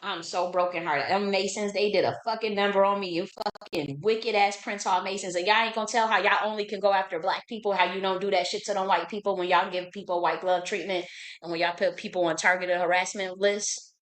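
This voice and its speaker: A woman's voice: mid-range voice, fairly even intonation, brisk. A woman, hosting her own channel, ranting casually, profane, repetitive and indignant. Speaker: channel host. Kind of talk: heated casual rant.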